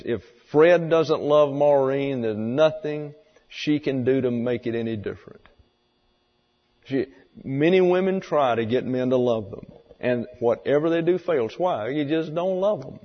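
A man gives a sermon lecture in a folksy, explanatory way and keeps asking his listeners rhetorical questions. His voice is husky and sits at a middle pitch. It was recorded with a dull, muffled sound that carries a long hall echo. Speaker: Bible teacher.

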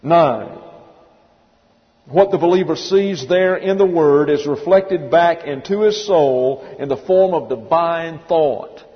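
A pastor with a highish voice preaches an expository Bible-teaching sermon, slowly and emphatically. He drills through the text word by word and stops to spell out Greek terms letter by letter, captured in a dull church hall recording with long reverb.

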